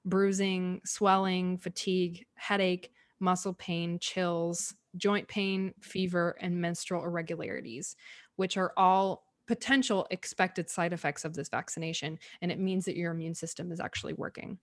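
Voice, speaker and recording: Young woman calmly explaining on a podcast. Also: fairly low pitch, dry recording, clean studio sound. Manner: measured, explaining facts point by point. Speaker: podcast co-host. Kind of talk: explanatory conversational chat.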